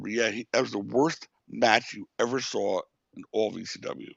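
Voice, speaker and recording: Gravelly dude spinning backstage tales, dry, kinda muffled lo-fi sound. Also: male voice, on the low side, normal speed, dry recording. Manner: animated storyteller, swears. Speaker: guest, wrestling promoter. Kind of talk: telling stories in an interview.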